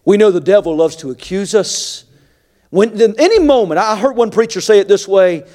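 A man with a high, light voice preaching a sermon to a congregation. He talks plainly and confidingly at times, then builds into loud, rising preaching that hammers each phrase. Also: lively intonation, normal speed. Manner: swings from quiet asides to shouted preaching. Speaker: pastor.

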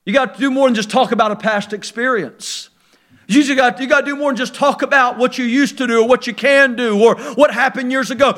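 A man preaching a sermon, shouting some points and dropping to near quiet for others. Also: very high voice, brisk. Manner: swings between loud shouted emphasis and sudden quiet drops.

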